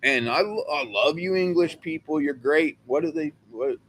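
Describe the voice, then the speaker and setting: A man's voice: on the high side, normal speed, a little hiss or hum. A man from California chatting on a livestream, rambling and joking as co-host. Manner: rambling, excitable, jokey. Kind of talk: casual livestream chat.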